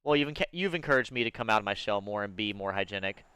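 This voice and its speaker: A man's voice: very fast, smooth, dry recording. Rambling, cursing male game streamer. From Georgia, USA. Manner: rambling and profane, with sudden excited jumps up in pitch. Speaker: gaming streamer. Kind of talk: casual live-stream chat while gaming.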